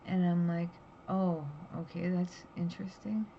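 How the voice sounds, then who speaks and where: A woman's voice: on the low side, little pitch movement, measured pace, dark tone. Tired, rambling woman on lo-fi audio. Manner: raw, rambling, emotional storytelling. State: tired, drowsy. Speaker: vlogger. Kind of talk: candid personal vlog. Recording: dull lo-fi audio with faint background hiss.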